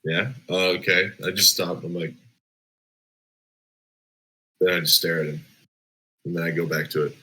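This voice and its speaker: A man's voice: deep voice, fairly even intonation, normal speed, long pauses, sharp tone, slightly rough, low-quality recording. A man taking his turn as a player in a tabletop game, casual and hesitant, with many fillers.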